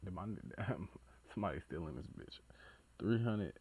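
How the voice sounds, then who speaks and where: Low-voiced male reaction host, casual and profane, excitable, talks to himself. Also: normal speed, husky. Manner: profane, excitable, stumbling over numbers and talking to himself.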